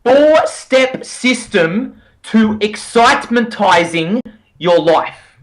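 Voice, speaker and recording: An energetic man co-hosting a casual podcast, his voice sitting high and swooping widely as he jokes and riffs. He teases his partner playfully, talking over a call. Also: slow pace, rough recording. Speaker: podcast co-host.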